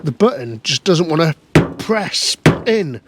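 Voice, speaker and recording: A vlog host with a fairly high, sing-song voice speaks slowly in a very noisy recording. He inspects an old car in a cold scrapyard and talks wryly and chattily to the camera, muttering to himself along the way.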